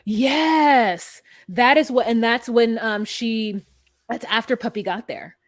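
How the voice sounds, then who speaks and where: A fairly high-voiced woman co-hosting a casual recap podcast. She gives blunt, profane takes and acts out other people's lines as she retells them. The sound is dry and close, with no room echo. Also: slow. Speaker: podcast co-host.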